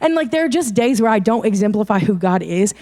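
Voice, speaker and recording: A woman's voice: medium pitch, animated, quick pace, warm tone. A young adult woman giving a casual, chatty youth sermon, informal and laughing often. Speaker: youth ministry speaker.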